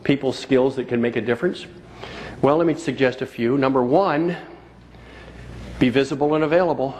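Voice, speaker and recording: Male keynote speaker, mid-pitched, story-driven, repeats points for effect, faint noise in the recording. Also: normal speed, a little mellow. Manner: storytelling, repeats key phrases for emphasis. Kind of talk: motivational keynote speech. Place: conference hall before a live audience.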